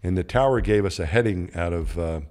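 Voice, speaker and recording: A man's voice: deep voice, fairly quick, darkish tone. A man around sixty, a podcast guest, telling a casual story in a rambling, conversational way and acting out what others said. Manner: acts out others' lines in quoted voices. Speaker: podcast guest, former astronaut.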